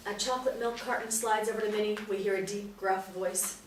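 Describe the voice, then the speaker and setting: A woman narrator reading the stage directions at a table read, steady and matter-of-fact. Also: mid-range voice, fairly quick, noisy background. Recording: roomy, distant mic.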